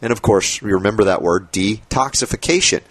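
A man's voice: lowish voice, fairly quick, a bit bright, no echo. A man hosting a radio health talk show, talking casually and animatedly, laughing often.

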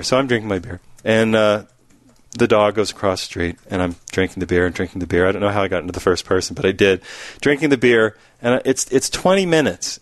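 A man's voice: on the low side, fast, no room sound. A man co-hosting a casual talk show, telling a rambling joke and laughing often. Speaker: co-host. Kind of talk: casual chat.

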